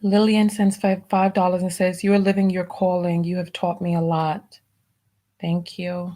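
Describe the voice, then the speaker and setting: A woman hosting a live stream, reading out viewer donation messages and softly thanking each one. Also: lowish voice, little pitch movement, normal speed. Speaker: livestream host.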